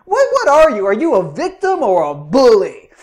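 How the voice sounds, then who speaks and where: A man's voice: extremely high pitch, wildly swooping pitch, normal speed. A man hosting a reaction commentary, ranting angrily and swearing a lot. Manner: angry, profane ranting. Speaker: host.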